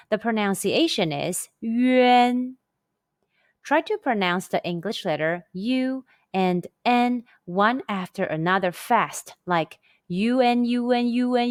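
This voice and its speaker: A woman teaching a scripted pronunciation lesson, speaking slowly and carefully with over-enunciated drills. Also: mid-range voice, no echo, clean studio sound. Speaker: language teacher.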